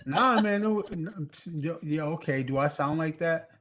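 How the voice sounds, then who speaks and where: A man's voice: a little high, a little slow. A man hosting an open mic over a video call, joking and telling stories in casual chat. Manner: joking, animated storyteller.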